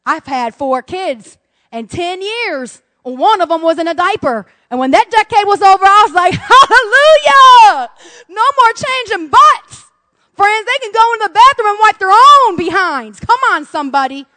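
A woman in her thirties delivers a sermon with a high, bright voice. She preaches animatedly and playfully, leaping into acted-out quotes. The sound is dry and close. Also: animated, moderate pace, dry recording. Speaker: pastor.

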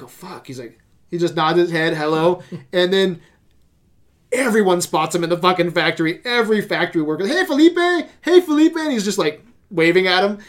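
A man hosting a casual podcast chat, retelling a show scene by scene with lots of swearing. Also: fairly high pitch. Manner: animated storytelling with swearing and laughs. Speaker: podcast host.

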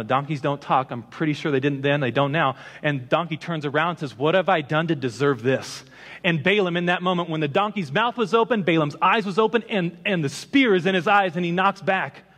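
A man preaching a sermon as a pastor, retelling a scripture story with lively, emphatic delivery. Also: on the high side, big-room sound.

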